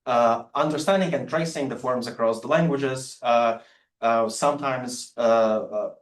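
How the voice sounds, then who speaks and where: A man, a non-native English speaker, giving an academic lecture on poetic forms with many halting fillers and restarts. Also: mid-range voice. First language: Latvian. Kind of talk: public lecture with poetry readings. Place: lecture room. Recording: roomy lecture hall sound.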